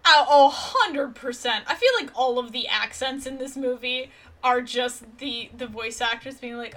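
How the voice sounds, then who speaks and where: In casual film review chat, this podcast co-host talks playfully about a movie, full of enthusiasm and quick to agree. She has a high-pitched, sharp-toned voice.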